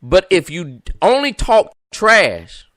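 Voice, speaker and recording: Male host, preacher cadence, bright and forceful, dry close mic. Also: high-pitched, big pitch swings, takes it slowly, no echo. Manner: emphatic, repetitive, preacher-like cadence; talks to viewers and callers by name. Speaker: podcast host. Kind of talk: live-stream preaching talk.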